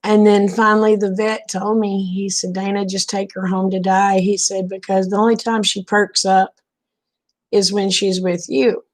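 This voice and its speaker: A middle-aged woman tells a long, homespun story in a casual late-night vlog. Her pitch stays fairly level and even, and she keeps looping back through "he said" and "I said" as she goes. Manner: homespun, drawn-out storytelling with many "he said" asides. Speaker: vlogger.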